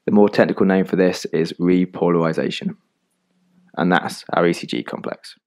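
Deep-voiced man explaining calmly. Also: gravelly. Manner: calm, measured explanations. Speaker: medical educator narrating. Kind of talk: scripted educational narration.

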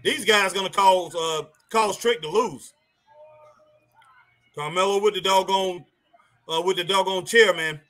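Excitable high-voiced wrestling stream host. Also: male voice, measured pace, pauses often. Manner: excitable, laughing, drawling, calls everyone man and boy. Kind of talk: casual live-stream wrestling commentary.

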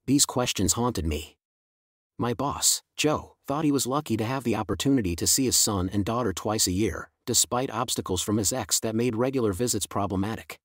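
A middle-aged man gives a scripted first-person story narration. His low voice stays even and steady throughout. The recording is dry and close. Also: moderate pace, dry recording.

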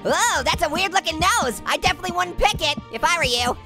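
Fast and expressive with vocal fry, a man gives a full character voice as a wisecracking cartoon orange in his let's play. The squeaky, pitched-up orange giggles hyperactively and puns through comedic commentary, with music in the background.

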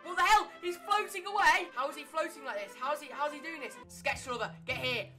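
Excitable high-pitched woman gaming. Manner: excitable, frequent yelps and shouts; fast repetitive exclamations. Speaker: gaming YouTuber. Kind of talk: live gameplay commentary. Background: background music.

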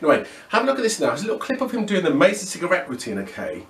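Fast, animated man in his fifties. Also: high voice, reverberant, far from the mic. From England. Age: 50s. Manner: enthusiastic, repetitive fillers, rambling asides. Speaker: magic vlogger. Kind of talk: casual rambling vlog monologue.

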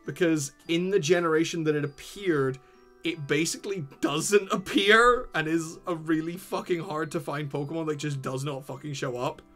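A man co-hosting a casual livestream, joking quickly and swearing casually. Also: a little high, a bit bright, faint music behind. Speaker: co-host.

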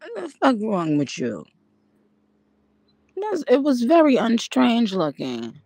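A woman chatting casually and profanely on a livestream, rambling, laughing often and talking with animated energy. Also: on the high side, slow, no room sound. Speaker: livestream host. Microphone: audio livestream from home.

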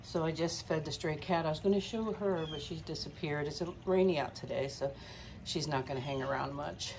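A woman's voice: deep voice, moderate pace, darkish tone, a little hiss or hum. A woman filming a casual home vlog, talking to her dog in a sing-song baby voice and chatting about her dog's routine on a handheld phone. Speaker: vlogger and pet owner. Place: home and yard, indoors and outdoors.

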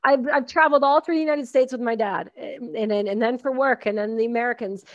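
A woman's voice: a little high, fast talker, no room sound. Emphatic woman host, dry dull sound. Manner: effusive, emphatic, acts out quotes. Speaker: podcast host. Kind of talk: casual interview conversation.

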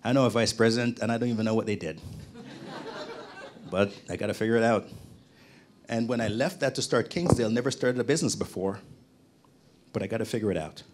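A middle-aged man from Jamaica, a podcast guest, telling his story in lively conversation and acting out the people he quotes. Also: mid-range voice, fast talker, long pauses, slight background noise. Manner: animated storyteller, acts out quoted voices.

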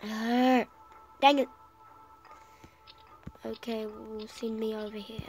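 Brief: female gameplay commentator with a cough, unhurried and a little high, chatty, faint game music behind. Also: little pitch movement, a little mellow, low-quality recording. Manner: rambling, self-talking, trailing off with fillers. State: sick with a cough. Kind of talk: casual let's-play commentary.

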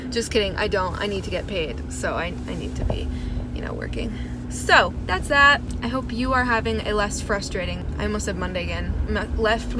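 A woman's voice: fairly high pitch, noisy background. Exasperated young woman venting in a vlog. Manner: frank, exasperated and self-mocking. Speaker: vlogger. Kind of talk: casual daily vlog. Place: outdoors and on the go.

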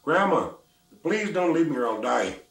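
A man's voice: mid-range voice, normal speed, creaky, close to an everyday voice. An older man voicing a spoiled little girl who pleads and wails in a frantic whine. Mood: pleading. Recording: roomy, mic at a distance.

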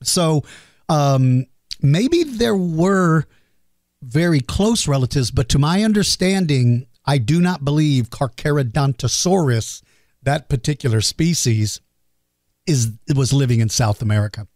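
Chatty self-deprecating man, slightly high voice. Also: expressive, unhurried, a little mellow, no echo, studio quality. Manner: chatty, self-deprecating, reads questions aloud. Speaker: podcast host answering listener questions. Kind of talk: casual Q&A monologue.

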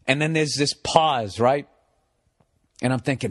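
A comedian in his forties from America, telling a story in an animated, exasperated way, swearing constantly. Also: medium pitch, a little slow, dry recording, studio quality. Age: 40s. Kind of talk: profane comic storytelling.

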